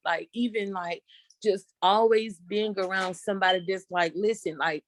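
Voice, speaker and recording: A woman's voice: medium pitch, no room sound. A young woman pours her heart out about single motherhood on a video call. She talks in a tearful, casual, repetitive way, and her voice sits close and dry with no room sound. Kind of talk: emotional personal sharing on a video call.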